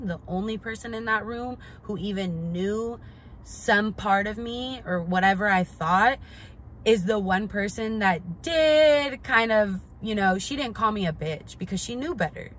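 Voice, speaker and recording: A woman's voice: mid-range voice, a little hiss or hum. Young woman, vlogger, storytime delivery. Blunt and profane, leans on "like" and "literally", openly incredulous, mid-range voice. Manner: indignant and incredulous. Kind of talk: storytime vlog.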